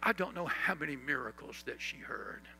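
A man pastor preaching a sermon, leading the congregation in call-and-response and reciting scripture, sometimes dropping to a soft, slow voice for emphasis. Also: medium pitch, animated, vocal fry, faint music behind, low-quality recording.

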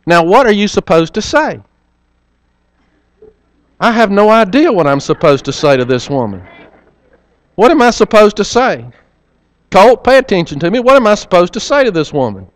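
Preacher, earnest storyteller, smooth resonant tone, stumbles and repeats words. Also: male voice, high voice, no echo. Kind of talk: sermon with personal storytelling.

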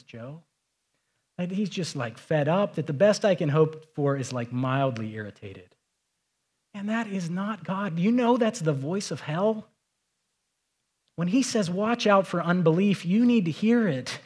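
A man's voice: sits high, expressive, measured pace, breathy edge. A middle-aged man preaching a sermon as pastor, talking in a conversational storytelling way that rises to emphatic points.

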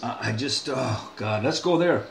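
Speaking unhurriedly but animatedly at medium pitch, an older male vlogger rambles casually to his viewers. His folksy monologue is packed with restarts and asides, recorded in an echoey room with faint ambience.

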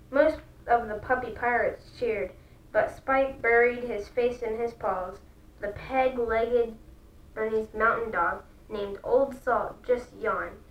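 A woman reading a children's book aloud, slow and careful with small restarts. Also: a little high. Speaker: storybook reader. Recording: echoey room, far from the mic, faint background noise.

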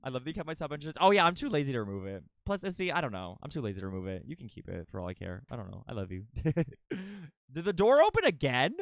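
A young adult livestreamer giving excitable, casual commentary during gameplay, thinking aloud, swearing freely and chatting with viewers. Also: medium pitch, quick pace, gravelly, no echo, studio quality.

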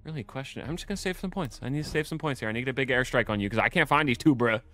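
A man's voice: mid-range voice, animated, rapid-fire, pushed and bright, soft background music. A man streaming a video game, exasperated and swearing freely at his friend. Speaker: gaming streamer. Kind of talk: casual gaming banter.

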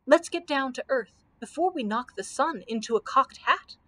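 A woman's voice: sits high, expressive, normal speed. A woman voicing a large, timid male lion who growls anxiously. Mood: gruff.

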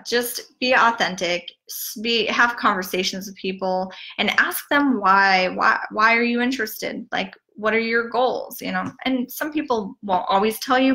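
A woman giving a casual online marketing training, chatty and full of "like" and "um", who mimics gushing sales messages with big jumps in pitch. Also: normal speed, sharp tone. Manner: chatty, peppered with "like" and "um". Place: streaming from home over the internet.

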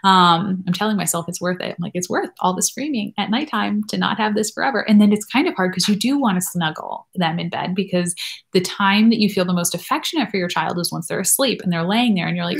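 A woman's voice: medium pitch, fast, creaky. A woman in her thirties hosting a live question-and-answer stream as a nurse practitioner, talking in a rambling, chatty way with lots of fillers. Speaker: nurse practitioner and channel host.

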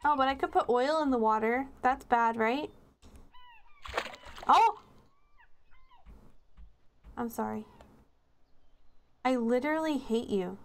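A woman's voice: high voice, brisk, few pauses. A woman streaming a horror game, chatting with sarcastic jokes and giggles as she plays. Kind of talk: live game commentary.

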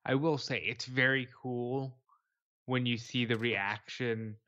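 A man trades quick, blunt jokes in a relaxed roundtable chat. His voice comes through slightly dull and lo-fi. It sits at an average pitch for a man. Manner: joking, blunt, swears casually. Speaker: podcast co-host. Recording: slightly muffled lo-fi podcast audio.

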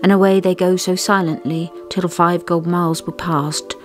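A woman, co-host of a craft and history show, reciting verses of an old poem in a measured way. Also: fairly low pitch, level tone, soft background music. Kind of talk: reading a poem aloud.

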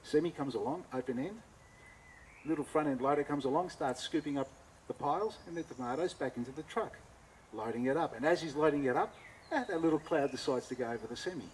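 A man's voice: fairly high pitch, fast talker, darkish tone, a little hiss or hum, rough recording. An Australian man, a cooking teacher giving a talk, tells a story with animation and acts out both sides of a conversation.

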